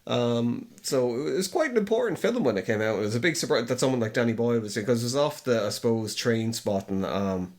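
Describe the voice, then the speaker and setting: A man's voice: medium pitch, animated, brisk, few pauses. Rambling man, casual film chat. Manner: rambling, swears freely, many fillers. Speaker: podcast co-host.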